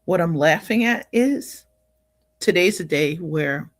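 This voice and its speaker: A woman's voice: lowish voice, animated, takes it slowly, no echo, studio quality. An older woman hosting a livestream in a casual, upbeat way, often laughing and greeting viewers by name. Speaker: livestream host.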